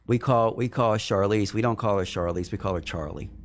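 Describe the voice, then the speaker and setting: A middle-aged man with a lowish voice talks through a podcast interview as a basketball coach. He speaks in earnest and often circles back over his words while he builds a point. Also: fairly quick. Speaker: head women's basketball coach.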